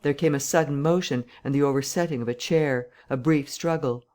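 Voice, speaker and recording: An audiobook narrator reading a classic novel in a steady, even storytelling manner. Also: medium pitch, a little fast.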